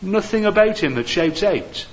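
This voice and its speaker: A man preaching a sermon, earnest and gentle, with many "uh" fillers. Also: high-pitched, animated, moderate pace, lo-fi sound.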